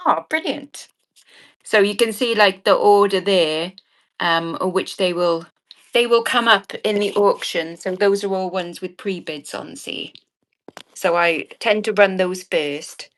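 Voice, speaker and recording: This is chatty live-stream selling: a woman hosts an online jewellery auction, rambling bubbly along with cheeky asides and plenty of laughter. She speaks unhurriedly in a mid-range voice.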